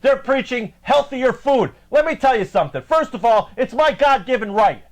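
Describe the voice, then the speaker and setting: High-pitched man ranting indignantly. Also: expressive, moderate pace, low-quality recording. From United States. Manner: heated, indignant ranting with stammered fillers. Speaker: host of a live web show. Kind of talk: ranting political call-in show.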